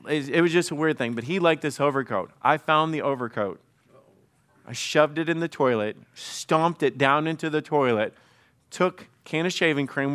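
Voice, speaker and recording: A middle-aged man preaching a sermon as pastor, telling a personal story with animated quoted bursts. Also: fairly high pitch, smooth.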